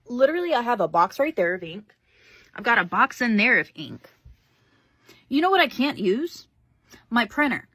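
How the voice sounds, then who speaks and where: A woman's voice: a little high, fairly bright tone, slightly rough, dry recording. A woman ranting to the camera, indignant and sarcastic, exaggerating her anger. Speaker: customer venting on video. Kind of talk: exasperated rant to camera.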